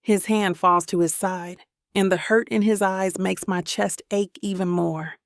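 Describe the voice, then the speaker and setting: A woman narrating a first-person romance audiobook in a calm, even storytelling manner. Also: medium pitch, measured pace, gravelly, no echo, studio quality.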